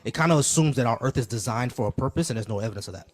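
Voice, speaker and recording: A man's voice: mid-range voice, animated, rapid-fire. A man hosting a live call-in debate stream, chatting casually with many fillers and restarts.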